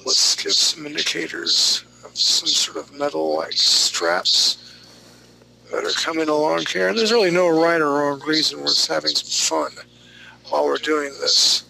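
A man's voice: on the high side, lively intonation, unhurried, creaky, bright, forceful tone, a little hiss or hum, rough recording. A male drawing instructor running a live class. He talks through each step in an easygoing, joking way.

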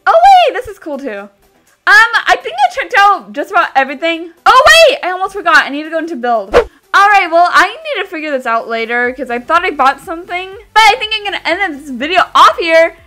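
A woman giving casual commentary while playing a video game, excitable and chatty, bursting into squeals and screams. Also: high voice. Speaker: gaming YouTuber.

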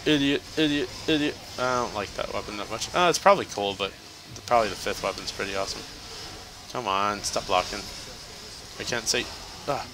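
A man's voice: lowish voice, brisk, noisy background. A man giving casual, joking let's-play commentary as he plays, chatty and laughing often. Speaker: gameplay commentator.

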